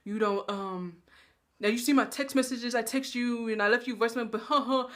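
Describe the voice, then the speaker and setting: A woman's voice: on the high side, normal speed, fairly bright tone, lightly acted. A woman putting on a Nigerian accent to mimic a pushy, pleading middle-aged man. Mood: pleading, whiny. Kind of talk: mocking impression in a story.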